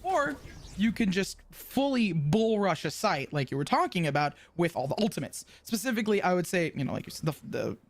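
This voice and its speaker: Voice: mid-range voice, big pitch swings, no echo. Laid-back esports co-caster. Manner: quick play calls, laughs easily, hedges with fillers. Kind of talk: play-by-play commentary.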